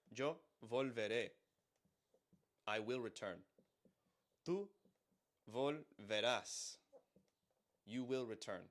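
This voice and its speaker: A man's voice: medium pitch, sharp tone. Male language tutor, mid-range voice, patient and methodical, explains lyrics word by word. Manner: patient, repeats words and checks in with "right?". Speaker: language teacher. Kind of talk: explaining song lyrics line by line.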